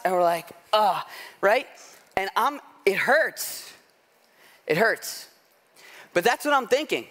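A man's voice: high-pitched, big pitch swings, slow, pushed and bright. A middle-aged man preaching a sermon, telling a self-deprecating story in a loose conversational way, often asking "right?". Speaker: pastor.

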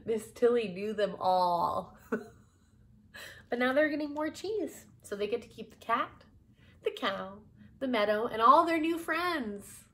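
A woman reading a children's book aloud in a gentle, expressive way. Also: fairly high pitch, slow pace, long pauses. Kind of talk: storybook read-aloud.

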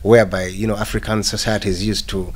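A man, a filmmaker guest speaking in an interview. He speaks haltingly, with many "you know"s and restarts. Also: lowish voice, breathy edge. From Uganda. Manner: halting, full of "you know" and restarts, rising when animated. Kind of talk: reflective storytelling in an interview.

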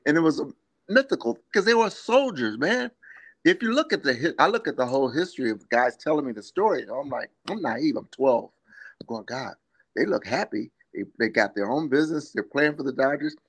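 Speaking briskly in a mid-range, fairly bright and animated voice, this older former ballplayer is a guest in a live video interview. He spins rambling anecdotes, laughs often, and acts out the voices of the people in his stories.

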